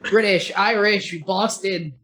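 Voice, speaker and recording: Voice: medium pitch, fairly even intonation, slow pace, fairly bright tone. A podcast co-host in casual film review chat, rambling and opinionated, swearing casually.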